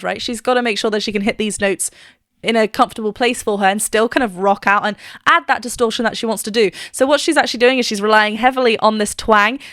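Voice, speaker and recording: A woman's voice: medium pitch, fairly bright tone, smooth, no room sound, studio quality. A woman vocal coach reacting to a live performance, explaining technique with enthusiasm. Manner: enthusiastic, explanatory, quotes lyrics by singing. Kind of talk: reaction video analysis.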